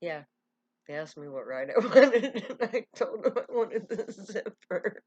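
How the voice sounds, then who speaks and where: A woman's voice: medium pitch, big pitch swings, a little slow, darkish tone, breathy edge, no room sound, muffled recording, pitched above the performer's own voice. A woman voicing a charming, brawny young carny man in a told story, chuckling as he talks. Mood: amused.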